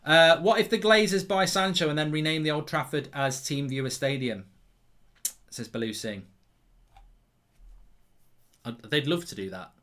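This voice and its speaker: A man in his thirties hosting a football watchalong, reading viewer messages aloud and commentating the match as it happens, getting loud and excited in big moments. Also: fairly high pitch, normal speed, pauses often. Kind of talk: live match commentary and chat.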